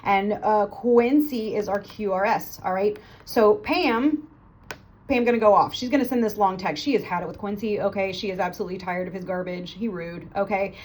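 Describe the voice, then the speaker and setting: A woman teaching nursing students, telling a playful story quickly and stopping to check in with "okay?" after almost every point. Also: medium pitch, a little mellow. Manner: fast, chatty, playful, keeps checking with "okay?". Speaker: nursing tutor.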